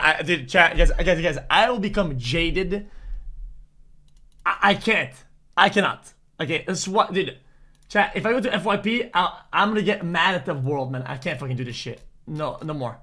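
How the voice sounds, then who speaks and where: A man's voice: a little high, moderate pace, bright, forceful tone. A man reacting to short videos on a stream, talking bluntly and swearing often with "bro" and "dude". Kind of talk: casual reaction commentary.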